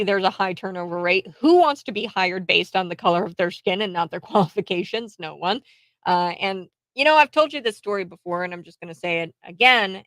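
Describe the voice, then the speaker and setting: A woman's voice: lowish voice, a bit bright, dry recording, low-quality recording. Rambling conversational woman commentator, dry sound. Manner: rambling, conversational, frequent restarts and laughs. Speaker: political commentary host. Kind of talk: solo political commentary.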